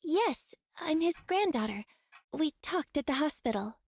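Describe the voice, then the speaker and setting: A woman's voice: high-pitched, expressive, measured pace, a little mellow, no echo, studio quality. A woman voicing a stammering, hesitant young florist. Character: shaken young woman flower shop owner.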